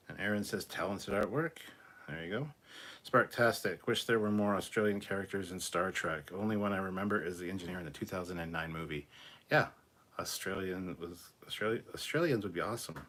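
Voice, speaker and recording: A man with a deep, low voice hosts a casual live stream, reading out viewer messages one by one. He talks in a loose, rambling way, with plenty of fillers and restarts. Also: normal speed, a bit bright. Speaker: host reading super chats.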